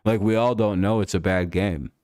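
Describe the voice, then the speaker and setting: Low-voiced streamer ranting, crisp dry sound. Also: male voice, fairly even intonation, normal speed, a little mellow, dry recording. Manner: irritated ranting, swears a lot. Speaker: live stream host. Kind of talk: casual live-stream chat over a football game.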